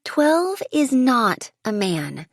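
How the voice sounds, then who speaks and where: A woman's voice: high voice, very animated, a little slow, a little mellow, no room sound, studio quality, pitched above the performer's own voice. A woman voicing a curious, impulsive young girl who asks eager, wide-eyed questions.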